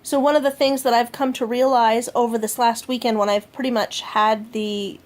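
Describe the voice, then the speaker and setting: A woman with a fairly high voice talks casually at home, logging her day's food for a vlog. She rambles along with fillers and self-corrections. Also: darkish tone. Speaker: vlogger.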